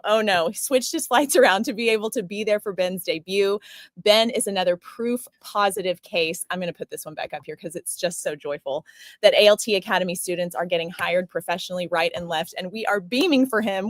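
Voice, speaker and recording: A woman's voice: mid-range voice, moderate pace, no room sound. A woman hosting a talk show and interview, gushing and effusive as she speaks. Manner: effusive and gushing, easily choked up. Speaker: show host.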